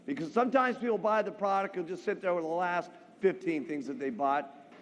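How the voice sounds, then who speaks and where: A man's voice: high voice, a little fast, a little hiss or hum. A man giving a motivational sales talk, telling stories animatedly and checking in with "okay?". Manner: animated storyteller, frequent "okay?" check-ins. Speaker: speaker. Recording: long hall reverb.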